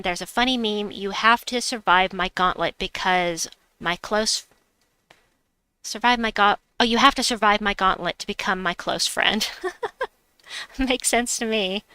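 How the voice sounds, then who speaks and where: A woman's voice: mid-range voice, sharp tone, smooth, no room sound. A middle-aged woman hosting a game live stream, chatting casually, reading chat aloud and laughing at herself. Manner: chatty, giggly, self-mocking. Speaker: livestream gamer host.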